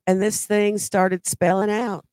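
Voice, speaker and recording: Slow woman telling a story. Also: medium pitch, level tone, darkish tone, smooth, no echo, studio quality. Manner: unhurried, repeats words as she recalls. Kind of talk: personal paranormal storytelling.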